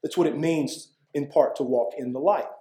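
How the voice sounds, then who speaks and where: This man's voice is warm and on the high side, speaking at normal speed as he preaches as pastor. He's earnest and conversational, peppering the sermon with "right?" to check in with the congregation. The audio quality is poor and the room echoes.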